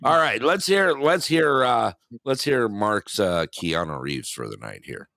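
Male host, lively swooping pitch, dry close sound, teasing, panel banter. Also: unhurried, creaky, no room sound. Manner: teasing, prods guests for impressions. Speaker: host of a call-in panel show.

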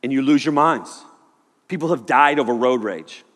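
A man preaching a sermon, telling a personal story in an animated way and sometimes shouting quoted lines. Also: mid-range voice, moderate pace. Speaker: pastor. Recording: long hall reverb.

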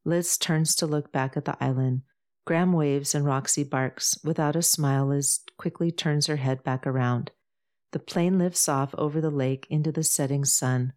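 Low-voiced woman narrating a novel. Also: steady tone, normal speed, darkish tone. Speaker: audiobook narrator. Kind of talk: scripted narration.

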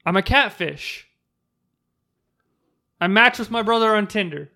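Bright high-voiced man telling a story. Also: a little slow, gravelly. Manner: animated, acts out quotes in raised voice. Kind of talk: casual storytelling chat.

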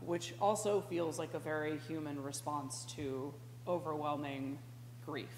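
A woman preaching a conversational sermon as a pastoral intern, slow and reflective, with sudden animated outbursts. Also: deep voice. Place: church sanctuary. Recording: echoey church hall with faint hum.

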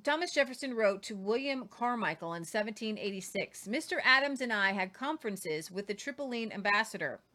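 Bright-voiced chatty woman host. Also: mid-range voice, animated, fairly quick, few pauses. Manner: chatty, stumbling over names, jokey asides. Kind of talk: casual history talk, reading quotes aloud.

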